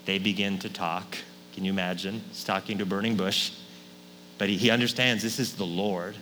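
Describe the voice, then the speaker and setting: A man preaching a sermon as pastor, speaking conversationally and often checking in with his listeners with a quick "right?". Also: low-pitched, steady tone, sharp tone. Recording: long hall reverb, faint hum.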